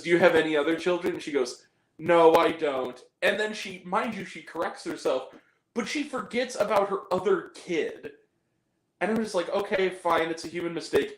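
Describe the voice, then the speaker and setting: A man's voice: fairly high pitch, roomy sound, low-quality recording. A man giving a casual spoken film review, ranting and swearing in exasperation. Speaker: movie reviewer.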